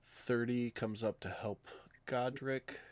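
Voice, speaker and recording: A man acting as game master in a live tabletop game, talking in a relaxed way with hesitant fillers. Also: medium pitch, slow, dry recording.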